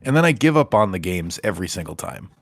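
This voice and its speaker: A man co-hosting a casual podcast, talking in a relaxed, rambling, self-deprecating way. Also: sits low, fast talker, no room sound, studio quality. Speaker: podcast co-host. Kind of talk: casual chat.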